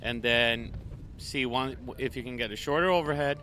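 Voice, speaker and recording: A man's voice: mid-range voice, moderate pace, pushed and bright, slight background noise. A man from Sweden, a guest player breaking down a matchup analytically, often restarting sentences.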